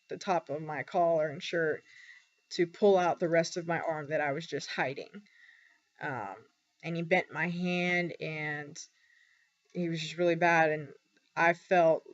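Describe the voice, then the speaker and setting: A young woman talking candidly in a personal vlog, halting often with ums and pauses. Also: sits low. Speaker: vlogger. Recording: dull lo-fi recording.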